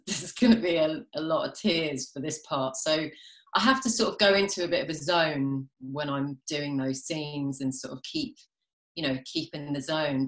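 British woman, thirties, low voice, chatty guest, echoey video call. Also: a bit bright. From England. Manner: chatty, self-deprecating, laughs often. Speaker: guest actress. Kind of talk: casual chat. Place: home during quarantine, video call.

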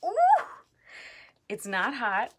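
A woman's voice: mid-range voice, drawn-out words, bright, forceful tone, slight background noise. A woman vlogging at home, nervously exclaiming and giggling as she reads product instructions aloud. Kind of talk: casual vlog, reading product instructions aloud.

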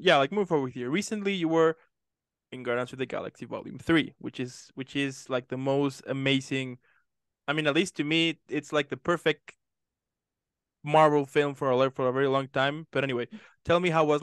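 A man's voice: a little high, normal speed, fairly bright tone, clean tone, no room sound, studio quality. A man hosting a casual interview, asking long, rambling questions with enthusiasm. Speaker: interview host.

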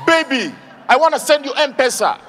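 High-voiced stand-up comic, shouting punchlines. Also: male voice, moderate pace, a faint crowd. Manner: animated, shouts punchlines, acts out characters. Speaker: stand-up comedian. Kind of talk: stand-up comedy routine. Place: live comedy stage. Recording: live stage with audience noise.

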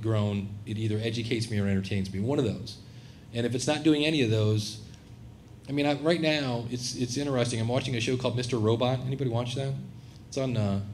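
A middle-aged man speaking to a live audience at a conference, in a medium voice. He talks casually and animatedly, acting out quoted voices as he goes. A faint low rumble sits under the recording. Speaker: conference presenter. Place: conference room, live session.

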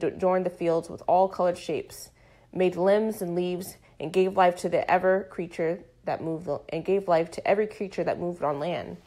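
A woman reading a first-person literary novel aloud, with sudden loud and hushed outbursts. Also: lowish voice. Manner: dramatic reading with shouted and whispered outbursts. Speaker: audiobook reader.

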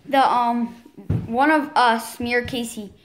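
A young girl hosting a casual vlog, talking quickly with lots of ums and restarts. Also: fairly high pitch, fairly even intonation, a little hiss or hum. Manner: rambling with many ums, talks fast. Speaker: vlog host. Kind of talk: casual chat.

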